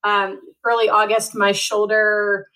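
A woman's voice: mid-range voice, flat delivery, slow pace, pushed and bright, rough recording. Chatty woman in her forties. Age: 40s. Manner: rambling, frequent fillers and restarts. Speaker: Paralympic triathlete guest. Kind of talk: conversational interview storytelling.

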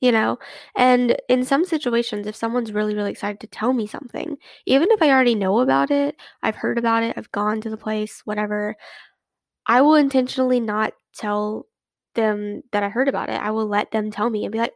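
A woman's voice: a little high, steady tone, fairly quick, creaky, no room sound. A young woman hosting a casual solo podcast, chatty and rambling, full of fillers and restarts. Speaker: podcast host.

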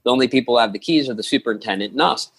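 A man's voice: mid-range voice, racing, creaky, fairly bright tone, husky. A man telling a long story as a podcast guest, rambling with many restarts and acting out the quotes. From lives in New York. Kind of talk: casual storytelling.

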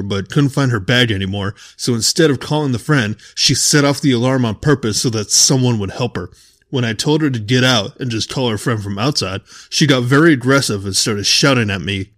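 A man's voice: medium pitch, a bit bright. A young man hosting a casual podcast, reading posts aloud and ranting about them with frequent swearing. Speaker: podcast host.

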